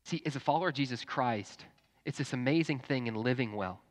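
A pastor preaching a sermon, earnest, dropping to a hush and then rising to fervent emphasis. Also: male voice, medium pitch, brisk. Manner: earnest, swings from hushed to fervent. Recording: long reverb in a church hall.

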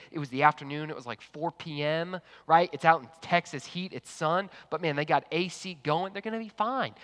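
A man preaching a sermon to an online congregation, telling a personal story in a lively, conversational way. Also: fairly high pitch, brisk, hardly any pauses. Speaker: pastor. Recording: long hall reverb.

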